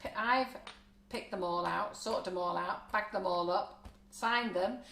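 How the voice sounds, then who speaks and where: A woman's voice: mid-range voice, a little slow, vocal fry, fairly bright tone, reverberant. A woman hosting a live cake decorating demo, chatty and frank, laughing often. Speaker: baking show host. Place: home kitchen studio.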